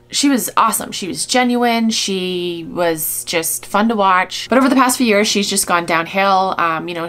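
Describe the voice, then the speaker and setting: Brief: female commentator, exasperated and outraged, mid-pitched voice. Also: fairly bright tone. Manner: indignant, exasperated, sighing. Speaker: YouTube commentator. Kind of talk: reaction commentary.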